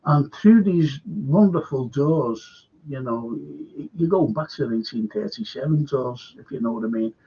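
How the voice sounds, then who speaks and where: A man's voice: mid-range voice, animated, normal speed, hardly any pauses, dark tone. A man with a Liverpool accent hosting a current affairs livestream, telling a meandering, earnest anecdote full of asides and restarts. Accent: Liverpool (Scouse). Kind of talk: rambling anecdotal storytelling. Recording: dull lo-fi livestream audio.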